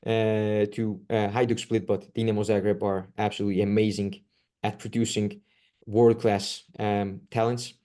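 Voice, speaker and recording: A man with a low, mellow voice breaks down players for a football podcast. He speaks earnestly but haltingly, pausing on filler sounds as he builds his points. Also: level tone. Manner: hesitant, many filler uhs, earnest. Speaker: podcast co-host. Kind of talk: casual football analysis.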